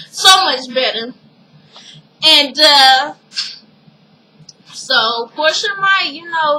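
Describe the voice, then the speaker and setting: A woman casually recapping a TV episode for her viewers, animated and emotional, with frequent asides to the audience. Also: high-pitched, slight background noise, poor audio.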